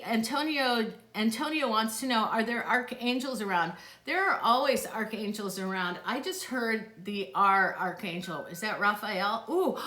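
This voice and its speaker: A middle-aged woman hosts a live psychic stream, answering viewers' questions while chatting casually and gushing, with frequent gasps and laughs. Her medium-pitched voice is bright and forceful. It's captured on a phone or tablet in an echoey room.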